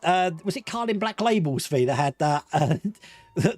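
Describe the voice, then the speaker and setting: A high, animated male voice with an Australian accent worn down by years in Britain, recorded dry and close. He hosts a livestream quiz, giggling often and drawing out the answer choices, with faint music underneath. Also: dry recording. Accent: Australian mixed with British. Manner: giggly, playful, reads options slowly. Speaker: quiz host.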